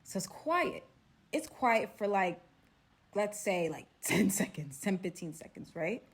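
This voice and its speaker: Animated young Brooklyn woman. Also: mid-range voice, a little slow. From Brooklyn, New York. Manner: animated, drops to hushed tones for suspense. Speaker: storyteller. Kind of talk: casual storytime.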